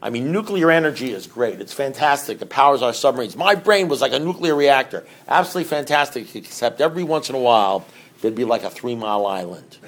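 A man's voice: mid-range voice, expressive, fast talker. Middle-aged man sharing at a recovery meeting. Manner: rambling, conversational, asks the audience questions. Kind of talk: recovery talk to a group.

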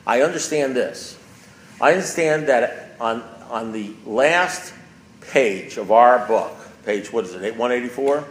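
A man's voice: medium pitch, measured pace. A man giving a speaker talk at a recovery meeting, emphatic and repetitive, hammering his points home with rising force. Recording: echoey room with faint background noise.

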